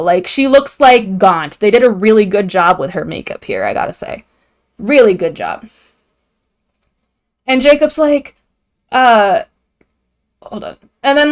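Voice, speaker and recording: A young woman hosting a video, giving an irreverent, profane comedic recap of a story and acting out the characters' lines. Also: mid-range voice. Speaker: video host.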